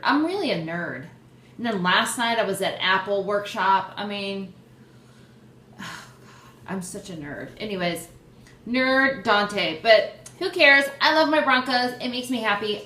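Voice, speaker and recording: A young woman hosting her own vlog, chatting excitedly and poking fun at herself. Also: mid-range voice. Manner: excitable, chatty, self-deprecating. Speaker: host. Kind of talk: casual vlog chat. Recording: roomy echo, faint background noise.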